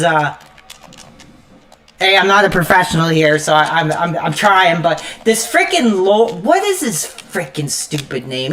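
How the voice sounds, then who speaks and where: A woman's voice: fairly low pitch, a bit bright. A woman live streamer in an angry, profane rant while gaming, stammering and cursing constantly. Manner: repeats "frickin'" constantly.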